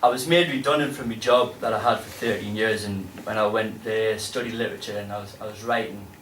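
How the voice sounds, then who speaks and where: A man with a Geordie accent performing spoken-word poetry on stage, with dramatic delivery and sudden loud bursts. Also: fairly low pitch, fairly even intonation, fairly quick, recorded from a distance, a little hiss or hum. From North East England. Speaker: poet. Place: pub venue with a live audience. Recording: roomy live pub recording from afar.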